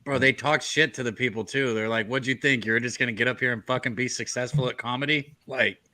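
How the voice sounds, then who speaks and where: A man with a sharp, bright voice, swearing freely while he chats casually with friends. The sound is dry and close, with no room around it. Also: medium pitch, a little fast, dry recording. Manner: profane, animated. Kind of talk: casual chat.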